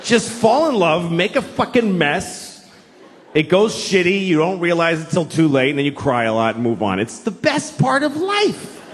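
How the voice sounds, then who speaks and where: A man doing a stand-up comedy routine with an animated, profane, exasperated delivery. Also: high-pitched, moderate pace, slight background noise. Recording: reverberant hall, faint ambience.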